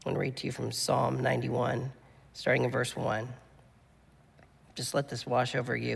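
Gravelly-voiced pastor preaching in a hall. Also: male voice, steady tone, moderate pace. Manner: earnest preaching, rising to emphatic peaks and dropping to soft low lines. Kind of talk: sermon.

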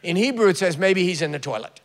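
A man preaching a sermon, telling a scripture story with animated retellings and sudden loud bursts. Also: sits high, quick pace, long reverb tail, a little hiss or hum.

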